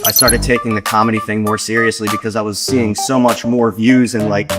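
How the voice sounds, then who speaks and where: A man's voice: on the low side, little pitch movement, brisk, over loud music. A young man doing a stand-up set on a comedy club stage, talking in a rambling, offhand way. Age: young adult.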